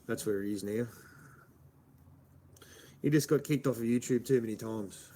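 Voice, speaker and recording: This Melbourne man has an Australian accent and a mid-range, warm voice at normal speed, with a little hiss or hum in the recording. He's a live streamer who rambles casually, answers his chat and says "mate" a lot.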